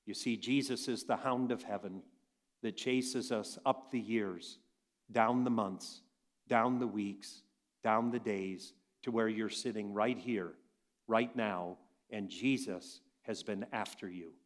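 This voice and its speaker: A man preaching a sermon, swinging between loud emphatic passages and quiet hushed lines. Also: on the low side, takes it slowly. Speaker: pastor.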